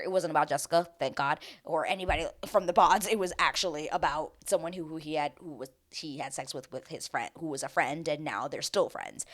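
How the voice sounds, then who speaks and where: A woman's voice: deep voice, fast, hardly any pauses, a bit bright. A woman hosting a reality TV recap in casual commentary, ranting with exasperation and swearing freely.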